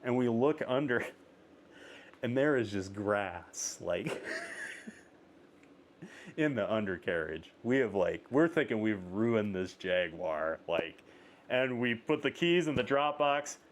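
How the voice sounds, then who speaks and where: A man hosting a casual interview, telling a travel story with lots of "like" fillers and rising excitement. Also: on the low side, slow, long pauses. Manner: animated storyteller, many "like" fillers. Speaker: podcast host.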